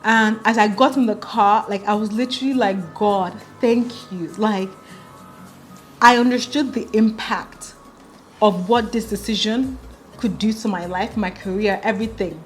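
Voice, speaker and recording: A woman's voice: medium pitch, fairly even intonation, normal speed, soft background music. A young woman in her twenties from Nigeria, telling a personal story to the camera, earnest and full of "like", acting out the dialogue. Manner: earnest, heavy use of "like", retelling dialogue. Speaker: vlogger.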